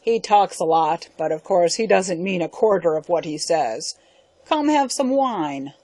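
A woman's voice: on the low side, lively intonation, a little slow, dark tone, no room sound. A woman reading an audiobook, voicing a burly, sly uncle who talks in a coaxing, insinuating way.

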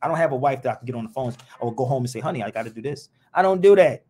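Picture a man hosting a live stream, speaking at an everyday middle pitch. He talks in an impassioned, blunt way, rambling through his points with plenty of slang. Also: expressive, racing, warm tone, breathy edge. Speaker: live show host. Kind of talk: casual live-stream talk.

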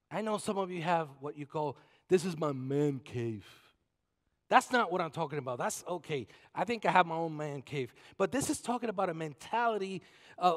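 High-voiced preacher man in an echoing church. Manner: preaching with scripture reading, swinging from hushed to loud. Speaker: pastor. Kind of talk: sermon. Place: church sanctuary.

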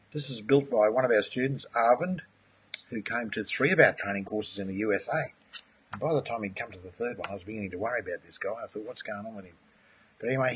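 A man's voice: medium pitch, a bit bright, breathy edge. A man presenting a live aquaponics webinar, friendly and enthusiastic, answering viewers' questions and calling them mate. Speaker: aquaponics course instructor.

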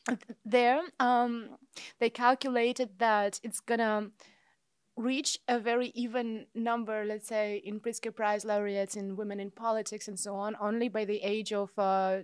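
Measured woman guest, dry sound. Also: mid-range voice, level tone, clear, resonant tone, no room sound. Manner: measured, thoughtful, occasional fillers. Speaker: podcast guest, architect. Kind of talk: casual conversation.

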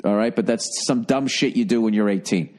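A middle-aged man hosting a comedy advice podcast, reading listener letters and riffing loudly with profanity. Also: on the low side, a little fast. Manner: loud, profane, animated riffing with mocking put-on voices. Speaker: podcast host giving advice.

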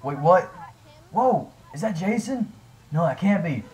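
Excitable young man with a lively voice. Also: high-pitched, measured pace, poor audio. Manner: excitable, swings between shouting and nervous mumbling. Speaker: YouTuber voicing his own game character. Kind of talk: improvised fan machinima dialogue.

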